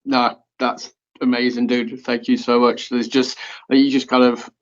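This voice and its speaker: Flat-voiced male host, distant lo-fi sound. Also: medium pitch. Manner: flat, halting thanks. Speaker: podcast host. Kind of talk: interview chat. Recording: dull, distant lo-fi audio.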